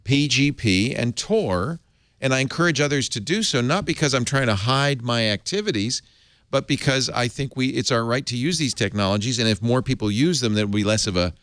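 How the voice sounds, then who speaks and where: A man hosting a tech panel show, explaining a news story in an animated, opinionated way. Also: medium pitch, a little fast, dry recording, clean studio sound. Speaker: host.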